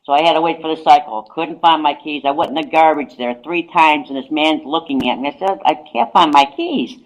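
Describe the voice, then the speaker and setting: A psychic guest on a radio program tells a long, casual anecdote, frequently throwing in "I says." Her voice sits low and moves fairly quickly, and the recording is rough.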